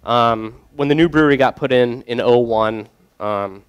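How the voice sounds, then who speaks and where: Joking young man with a smooth voice. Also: medium pitch, normal speed, highs cut off. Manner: joking, loose, rambling with many fillers. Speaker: brewery sales rep. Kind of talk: casual storytelling to a group.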